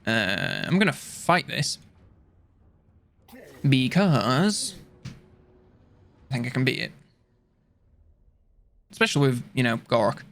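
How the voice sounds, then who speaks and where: A young man chatting casually while playing a strategy game on stream, rambling and mocking himself with quick jokes. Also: mid-range voice, sing-song, gravelly, a bit bright. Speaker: gaming streamer. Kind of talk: casual let's-play commentary.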